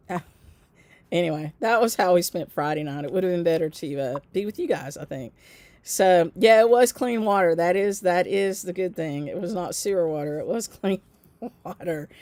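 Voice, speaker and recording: A middle-aged woman, casually telling viewers a long story, with laughing asides and lively quoting of others. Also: fairly low pitch, no echo. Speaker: craft channel host.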